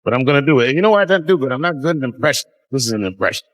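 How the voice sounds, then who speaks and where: A man in his forties performing a loose, profane stand-up set, drawling with sudden jumps in pitch. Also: animated, racing. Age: 40s. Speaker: stand-up comedian.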